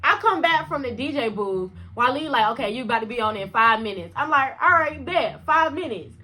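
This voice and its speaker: Young woman spilling a storytime, AAVE slang, bright voice, acts out every line with big jumps up and down. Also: a little fast. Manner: animated, slangy, acts out dialogue with big pitch jumps and laughs. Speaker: vlogger. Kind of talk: storytime vlog.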